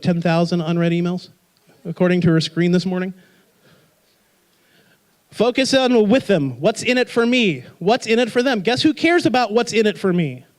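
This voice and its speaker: In a high-pitched voice, a man leads a live marketing workshop, full of energy and humor. He quizzes the crowd using rhetorical questions.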